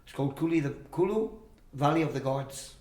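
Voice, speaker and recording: A man's voice: on the high side, brisk, darkish tone, echoey room. An older man telling a long personal story in a casual interview, acting out the voices of the people he quotes. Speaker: interview guest.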